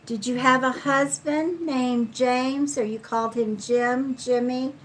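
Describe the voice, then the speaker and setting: Slow-talking psychic woman. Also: sits high, fairly even intonation, slight background noise, rough recording. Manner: slow, chatty, counts cards aloud softly. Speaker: psychic reader. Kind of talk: live card reading.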